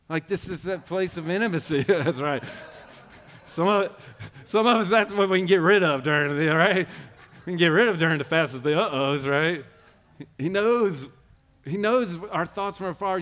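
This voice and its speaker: Man with a slightly high voice preaching a testimony, rambling and restarting, earnest and exhorting. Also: lively intonation, moderate pace, fairly bright tone. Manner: rambling, self-interrupting storytelling. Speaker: church speaker. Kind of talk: personal testimony sermon.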